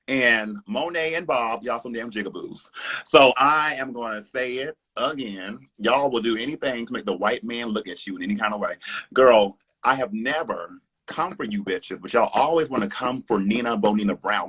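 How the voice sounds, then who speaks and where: A man's voice: mid-range voice, animated, moderate pace, fairly bright tone, husky. A man, a drag performer, ranting defiantly on a live stream, sassy and heated, swearing often and calling listeners honey.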